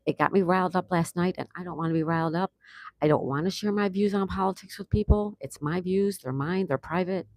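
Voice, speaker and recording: A woman's voice: lowish voice, a little fast, darkish tone, dry recording. A woman hosting a casual live stream, chatting and laughing as she greets viewers and answers their comments. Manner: laughs often. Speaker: livestream host. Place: home in Florida.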